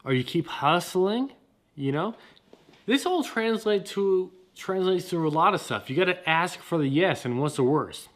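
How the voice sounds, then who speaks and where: A man hosting a motivational podcast, talking in an energetic, slangy way and repeating his points. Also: high voice, unhurried. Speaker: podcast host.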